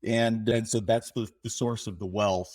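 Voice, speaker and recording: A man co-hosting a podcast, running through news items in a wry, joking way with quick asides. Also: lowish voice, fairly even intonation, darkish tone, no echo, clean studio sound. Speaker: podcast co-host. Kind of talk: casual news chat.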